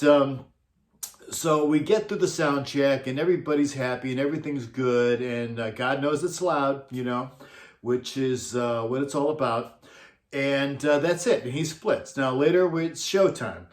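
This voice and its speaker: A laid-back man spinning a backstage story in a relaxed, chuckling manner, his voice sitting in the middle range. The recording carries a roomy echo. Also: medium pitch, unhurried. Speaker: concert monitor engineer. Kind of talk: casual storytelling.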